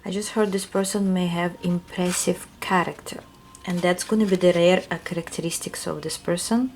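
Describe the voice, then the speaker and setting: A woman's voice: lowish voice, fairly even intonation, normal speed, a little mellow, slight background noise. A woman with a non-native English accent gives a casual tarot reading, musing aloud and searching for words. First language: not English. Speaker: tarot reader.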